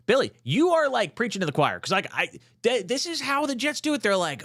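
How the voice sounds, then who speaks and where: A young man hosts a casual fan show, reacting to chat comments with a fired-up, swearing energy. His voice sits a little high and swings widely in pitch. The sound is dry and close, with no room around it. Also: quick pace, hardly any pauses, no echo. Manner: excitable, swearing, rising to near shouts when fired up. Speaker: podcast host.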